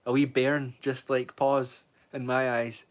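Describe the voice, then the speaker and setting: A man's voice: mid-range voice, flat delivery, slow pace. Chatty Scottish man in his twenties. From Scotland. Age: 20s. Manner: rambling, reads out viewer comments and answers them. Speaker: streamer. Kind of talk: casual livestream chat.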